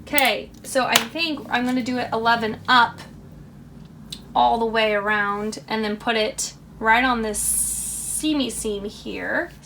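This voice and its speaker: A young woman narrates her crochet project in casual self-talk, chatty and self-mocking with frequent little laughs. Her voice is bright and edged, sitting a touch high for a woman, with a faint hiss of background noise. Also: a little slow, vocal fry. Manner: chatty, self-deprecating, giggly, talks to herself. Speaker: crochet vlogger.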